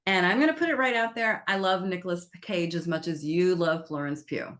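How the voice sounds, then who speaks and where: A woman film critic, chatting casually and retelling a movie plot in an animated way. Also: on the low side, a little fast. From United States. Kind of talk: casual film review chat.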